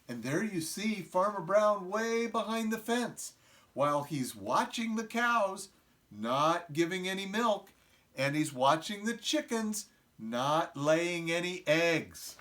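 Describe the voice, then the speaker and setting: A middle-aged man reading a picture book aloud to preschool children, often stopping to ask them questions. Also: on the high side. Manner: slow, animated, asks the children questions. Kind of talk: storybook read-aloud to young children.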